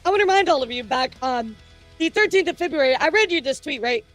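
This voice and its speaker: A woman hosts a casual streamer news show, chatting straight to her audience. Her voice sits high, and she rambles, jokes and trips over her words with plenty of fillers. Faint music plays underneath. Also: lively intonation, quick pace, fairly bright tone. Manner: rambling, jokey, lots of fillers and restarts. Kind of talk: casual news commentary to chat.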